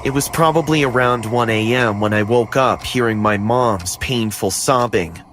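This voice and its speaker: A man narrating a scripted horror story in the first person, steady and dramatic. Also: medium pitch, moderate pace, noisy background.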